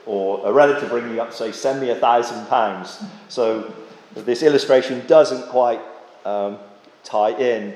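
In an echoey hall with long reverb, a man delivers an earnest, dramatic sermon full of rhetorical questions and frequent restarts. His voice is mid-range and warm.

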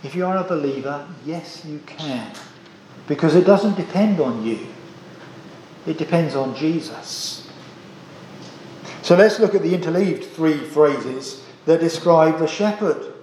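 A man's voice: fairly high pitch, animated, measured pace, a little mellow, slight background noise. Earnest male preacher in echoey church. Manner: earnest, rhetorical questioning, emphatic repetition. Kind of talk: sermon.

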